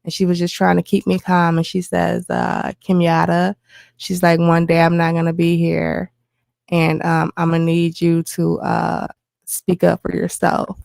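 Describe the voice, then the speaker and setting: A woman's voice: lowish voice, unhurried, creaky, no room sound. A woman telling a personal story as a guest, acting out the lines of the people involved as she goes. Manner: animated retelling with quoted dialogue. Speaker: guest, host's wife.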